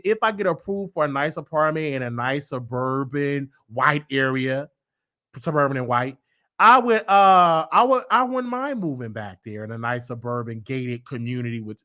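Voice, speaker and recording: A man's voice: mid-range voice, bright, forceful tone. A man hosting a casual comedy talk show, talking in a boastful, over-the-top way. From Chicago. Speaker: show host.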